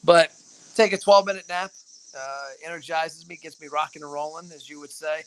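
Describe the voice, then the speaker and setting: A man's voice: on the high side, fairly quick, a bit bright, a little hiss or hum. A young man hosting a casual live-stream chat from a back-porch hammock, teasing and playful. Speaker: host. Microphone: phone camera.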